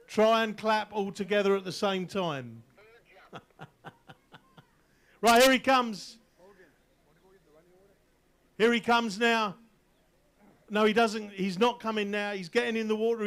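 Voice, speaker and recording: Joking English announcer with a high voice. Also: male voice, steady tone, measured pace, long pauses, a bit bright. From England. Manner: joking, teasing the crowd. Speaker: event announcer. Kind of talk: live sports commentary over a PA. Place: outdoor water ski event.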